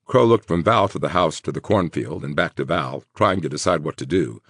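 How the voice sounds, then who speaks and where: A man reading a horror audiobook in a dramatic, expressive narration. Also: a bass voice, brisk, few pauses, no echo, clean studio sound.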